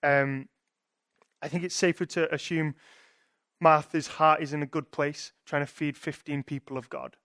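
A man's voice: on the high side, fairly even intonation, moderate pace, fairly bright tone, no room sound, clean studio sound. A young man giving a sermon in a conversational way, thinking aloud with restarts and asking "right?" to his listeners. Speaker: preacher.

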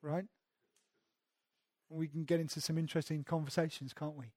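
A man's voice: a little high, flat delivery, moderate pace, darkish tone, no echo, studio quality. A man, a pastor, preaching a sermon conversationally and emphatically, often repeating words as he goes.

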